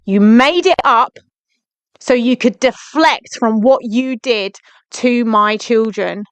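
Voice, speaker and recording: A woman's voice: fairly high pitch, takes it slowly, clear, resonant tone, dry recording. A young woman ranting on a live stream, firing indignant questions at viewers by name. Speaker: livestreamer. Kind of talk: angry live-stream rant.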